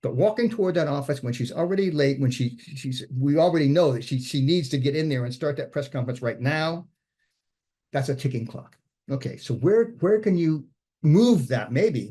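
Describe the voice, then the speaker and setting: A man's voice: mid-range voice, mellow, breathy edge. A man giving an informal screenwriting workshop talk, conversational and thinking aloud as he goes. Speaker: screenwriting instructor.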